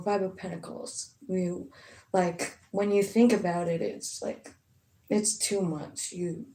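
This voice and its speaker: A woman's voice: medium pitch, vocal fry, mellow. A woman giving a casual, rambling tarot reading, chatty, with frequent fillers and some swearing. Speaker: tarot reader. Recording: echoey room with faint noise.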